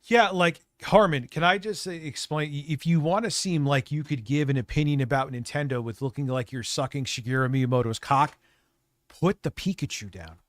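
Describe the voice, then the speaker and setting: A man livestreams in a heated, profane rant, defending himself as he goes. His voice is gravelly with a cold, and the sound is dry and close. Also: on the high side, normal speed, dry recording. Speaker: streamer reacting to videos.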